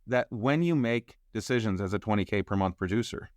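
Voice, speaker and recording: A man telling a personal story as a podcast guest, acting out the quoted dialogue with lively shifts in voice. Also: lowish voice, fairly quick, dry recording. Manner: animated storyteller who acts out quoted dialogue.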